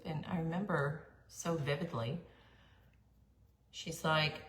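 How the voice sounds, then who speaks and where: A middle-aged woman telling her life story in a chatty monologue, with fillers, throat-clearing and quick asides. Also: low voice. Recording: echoey room, faint background hum.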